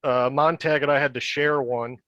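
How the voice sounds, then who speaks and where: A man's voice: medium pitch, fairly even intonation, moderate pace, a bit bright, no echo, dull audio. A man in his fifties, a guest on a podcast, telling casual stories with restarts and laughter. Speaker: podcast guest, metal band member. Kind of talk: casual storytelling chat.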